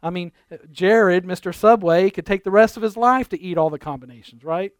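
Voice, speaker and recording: A man's voice: high-pitched, fairly quick, clean tone, dry recording. A male pastor giving a conversational sermon, telling stories with jokes and asides. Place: church.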